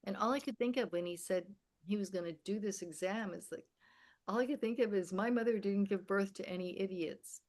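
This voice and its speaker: Her voice mid-range and darkish and her pace fairly quick, a woman in her sixties from America and the Philippines shares a personal story on a podcast. She narrates with vivid emphasis, acting out what people said.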